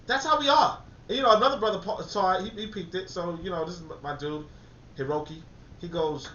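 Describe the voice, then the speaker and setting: Ranting man, bright distant echoey sound. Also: on the high side, animated, fast talker, muffled recording, slight background noise. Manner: blunt, ranting, swears, slangy asides. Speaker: livestream host. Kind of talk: casual commentary.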